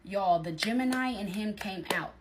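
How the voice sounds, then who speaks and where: A young woman telling a story in a casual, animated, slangy way, speaking straight to her viewers. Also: mid-range voice, moderate pace, a little hiss or hum.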